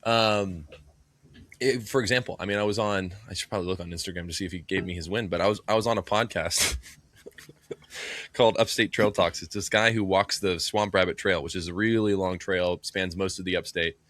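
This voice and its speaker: A man co-hosting a podcast in casual chat, telling animated, joking stories. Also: sits low, moderate pace, no echo. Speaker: podcast co-host. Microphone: earbud in one ear.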